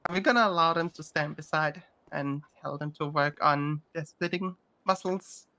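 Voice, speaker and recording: A woman's voice: sits low, moderate pace, bright, forceful tone. A woman in a role-play acting as a police academy instructor, giving the group orders in a teacherly way. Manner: bossy, teacherly, addresses the group.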